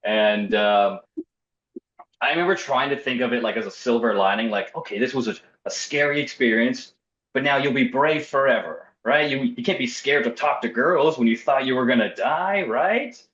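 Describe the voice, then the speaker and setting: A man's voice: medium pitch, normal speed, a bit bright. A young man casually telling a personal story in a wry, self-deprecating way, acting out what people said. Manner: wry, self-deprecating, acts out quoted voices. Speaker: storyteller guest. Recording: roomy, slightly dull podcast audio.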